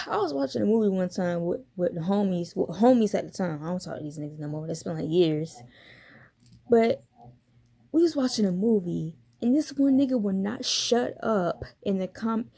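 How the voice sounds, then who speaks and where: A young woman with a warm, mellow voice rants through a casual commentary vlog. Her talk is blunt and profane, full of slang, and broken up by easy laughter. She sounds like a YouTuber riffing straight to her viewers. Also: medium pitch, expressive, normal speed, creaky, slightly rough.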